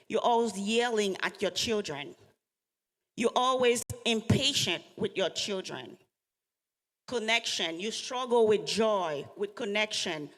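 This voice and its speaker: Woman speaker, unhurried, earnest, questions the audience, reverberant event hall. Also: mid-range voice, fairly bright tone. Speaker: speaker giving a talk on trauma. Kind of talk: motivational talk to a live audience.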